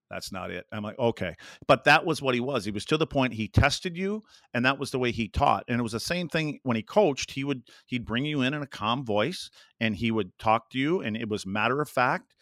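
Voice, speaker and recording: A man's voice: mid-range voice, fairly quick, a bit bright, dry recording. An older man sits as a podcast guest and tells rambling stories, slipping into the voices of the people he quotes. The sound is close and dry, with no room around him. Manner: rambling anecdotes with acted-out quotes. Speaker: podcast guest, former hockey player. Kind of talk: casual storytelling.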